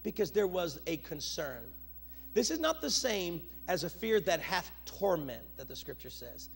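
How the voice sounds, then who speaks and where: A middle-aged male pastor preaching a sermon, moving from loud urgent bursts to low, quiet asides. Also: big pitch swings, moderate pace, gravelly, husky.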